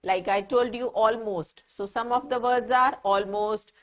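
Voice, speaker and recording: A woman's voice: a little high, steady tone, measured pace. A woman with an Indian English accent teaching a grammar lesson to children, explaining patiently with repeated examples and asking whether they follow.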